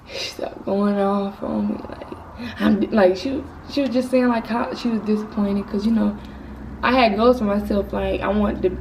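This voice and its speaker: A woman's voice: mid-range voice, fairly even intonation, a little slow, creaky, a little mellow. Teen girl telling a candid story. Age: teens. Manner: casual, rambling, candid. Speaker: vlogger. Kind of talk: storytime vlog. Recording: slightly distant mic with faint noise.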